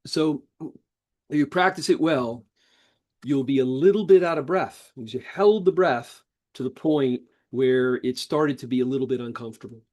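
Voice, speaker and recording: A man teaching a live breathwork class, talking listeners through each breath with calm, repeated cues. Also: medium pitch, normal speed, highs cut off. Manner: calm, repetitive guiding cues. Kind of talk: guided breathwork instruction.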